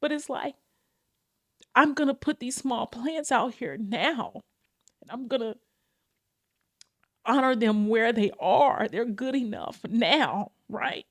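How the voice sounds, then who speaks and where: A woman hosts her own podcast in relaxed confessional talk, speaking straight to y'all and dropping swear words easily. She takes her time with long pauses, and her pitch and pace vary widely throughout.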